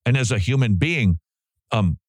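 A man hosting a talk show, giving casual commentary on theology in an animated way with sarcastic mock-quoting. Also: medium pitch, normal speed, no echo, studio quality.

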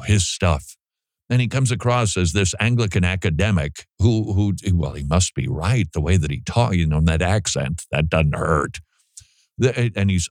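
A man hosting a talk show, giving casual commentary on theology in an animated way with sarcastic mock-quoting. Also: on the low side, no echo, studio quality.

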